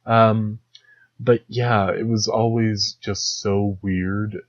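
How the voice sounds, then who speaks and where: Slow, low-voiced sarcastic young man. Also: little pitch movement, no room sound. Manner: sarcastic, rambling, slips into mocking impressions. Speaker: podcast host. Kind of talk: solo comedic podcast monologue. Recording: dull lo-fi dry recording.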